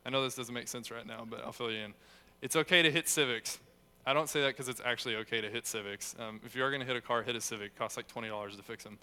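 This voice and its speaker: A man's voice: mid-range voice, pushed and bright, smooth. A young man giving a casual, conversational sermon, telling stories with self-deprecating humor. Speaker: youth speaker.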